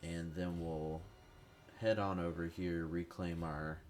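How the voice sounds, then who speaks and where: Low-voiced sick man rambling over gameplay. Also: level tone, slow, darkish tone. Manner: rambling, profane, self-deprecating. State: sick with a cold. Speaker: gaming youtuber. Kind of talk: casual gameplay commentary.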